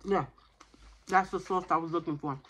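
A woman eating on camera and chatting casually with her viewers, her voice husky and sitting on the low side. She pauses between bites and keeps saying "you know". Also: fairly bright tone. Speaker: mukbang vlogger. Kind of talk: casual chat while eating.

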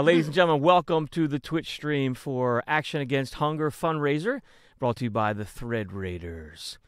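A man's voice: medium pitch, clean tone, no room sound, clean studio sound. A man hosting a livestreamed podcast, opening the show with upbeat, showman-like announcing. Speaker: podcast host.

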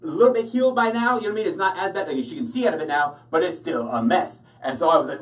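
A man doing a rambling, self-deprecating stand-up set with a deadpan delivery, in front of a live audience. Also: fairly high pitch, very fast, hardly any pauses, recorded from a distance, a crowd in the background, rough recording. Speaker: stand-up comedian. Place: comedy show with live audience.

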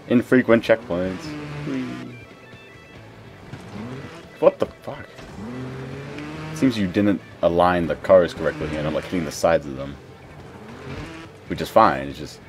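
A young man giving live gameplay commentary, excitable, swearing and yelping at crashes. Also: sits low. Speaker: gaming commentator.

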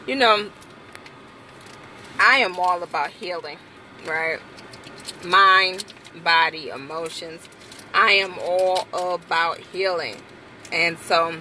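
A young adult woman vlogging from inside a car, chatting casually and playfully with her viewers, breaking into high exclamations. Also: bright, forceful tone, slight background noise.

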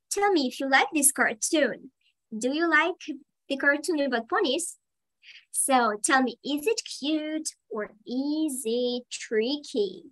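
A woman teaching English to children in a live online class, speaking slowly and leaping into high, excited emphasis on key words. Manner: slow, drawn-out teacher talk with sudden high, excited emphasis.

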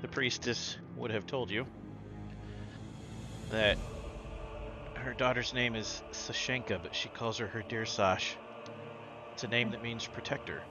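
A man narrating as game master of a tabletop game, in a steady descriptive manner. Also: mid-range voice, a little slow, pauses often. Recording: dull lo-fi sound with loud music.

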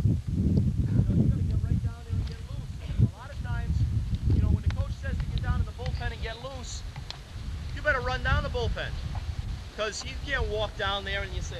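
A man, a pitching coach, lecturing young players at a camp, checking in with "okay?" and calling them "guys". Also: normal speed, muffled recording. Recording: loud hiss on an old 1980s lecture tape.

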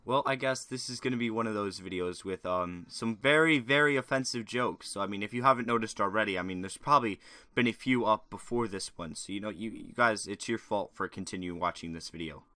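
A man's voice: lowish voice, a little fast, sharp tone, no echo. A man giving sarcastic, crude reaction commentary with mocking, rambling asides. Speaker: YouTube commentator.

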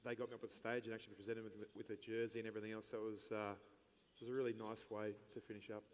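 Flat-voiced, understated man in a reverberant hall. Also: on the low side, quick pace, slight background noise. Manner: plain, understated, hesitant. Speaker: retiring team captain. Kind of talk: on-stage interview answers. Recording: long reverb in a big hall.

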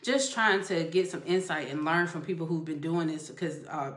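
Laid-back woman host, low voice, echoey room. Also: normal speed. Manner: relaxed, laughs often, reads comments aloud. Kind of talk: casual chat on a live stream.

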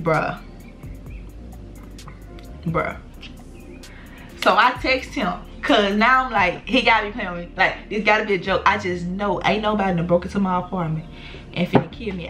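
A young woman vlogger spins a storytime for her followers, animated and slangy, cursing freely as she talks to them directly. Her voice sits at an ordinary middle pitch. Soft music plays faintly behind her. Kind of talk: storytime vlog.

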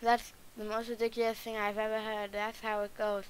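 A woman's voice: fairly high pitch, completely flat delivery, brisk, a little hiss or hum, natural voice, poor audio. Gingy, a woman reading as a gingerbread man. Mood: spooky.

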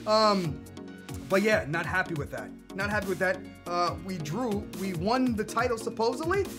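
A young man commentating his own video game match, getting excitable and yelling at the screen, then chatting casually to viewers. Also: high voice, normal speed, over music. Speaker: gaming YouTuber. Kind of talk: live gameplay commentary.

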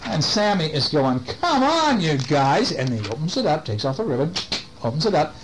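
Animated older man reading bedtime stories. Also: a little high, fairly quick, slight background noise, low-quality recording. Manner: animated, playful questions to the kids. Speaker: storyteller. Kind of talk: reading a picture book aloud to children.

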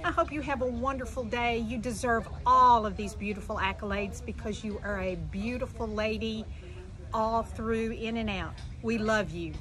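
A woman's voice: a little high, steady tone, moderate pace. A woman recording an effusive birthday message for a friend. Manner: warm, effusive. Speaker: friend giving birthday wishes.

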